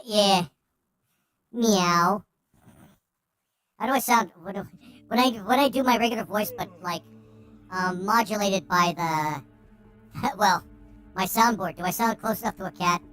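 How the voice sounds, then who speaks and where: A woman streaming a video game, chatting casually and excitably and swearing freely as she plays. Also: medium pitch. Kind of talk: casual gameplay commentary.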